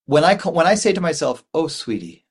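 A man's voice: on the high side, quick pace, breathy edge. A man in his forties giving a dharma talk as a Buddhist meditation teacher, rambling and thoughtful, with many fillers and restarts.

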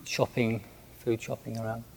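A man who is a Buddhist monk, recounting a personal story in a gentle, hesitant way with many restarts. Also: medium pitch, monotone, normal speed, vocal fry, slight background noise, poor audio.

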